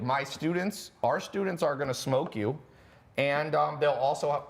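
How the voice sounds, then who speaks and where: A man hosting a course livestream, pitching in a brash, joking way and talking fast in bursts. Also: slight background noise. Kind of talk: casual sales pitch livestream.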